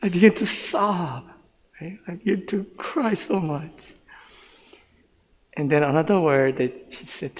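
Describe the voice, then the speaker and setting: A man's voice: a little high, lively intonation, moderate pace, pauses often, darkish tone. A middle-aged man with a pastor's role, telling his own story in a sermon that switches between English and Korean, laughing now and then as he tells it. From grew up in Brooklyn, New York. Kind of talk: bilingual sermon testimony. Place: church sanctuary. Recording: long church reverb.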